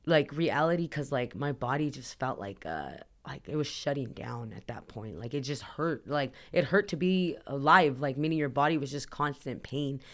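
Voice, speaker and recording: A woman's voice: very deep voice, expressive, moderate pace, few pauses, fairly bright tone. A woman from Southern California, a podcast guest telling a personal story in a rambling, earnest way, full of "like" fillers. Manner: rambling, heavy use of "like"; earnest, emotional retelling.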